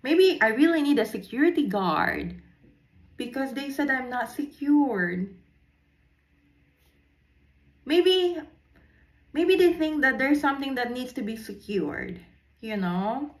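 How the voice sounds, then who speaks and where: A woman's voice: sits high, expressive, unhurried, reverberant. A woman, telling a rambling story to camera in a casual vlog, repeating herself and mixing in Tagalog. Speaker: vlogger.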